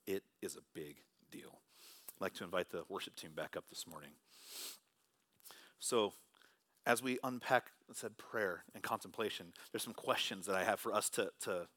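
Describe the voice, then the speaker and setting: A man preaching a sermon in church, shifting between loud, animated bursts and hushed, quiet passages. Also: lowish voice, no room sound. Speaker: pastor.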